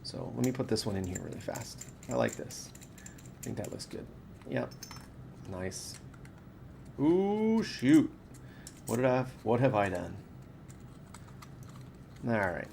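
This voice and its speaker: A man's voice: fairly low pitch, expressive, a little slow, vocal fry, long pauses, darkish tone, a little hiss or hum. A man hosting a live stream from his workshop, showing off lightsaber parts in a rambling, chatty way that corrects itself as he goes. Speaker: saber parts maker and stream host. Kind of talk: casual live stream product showcase. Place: home workshop studio with camera and key light.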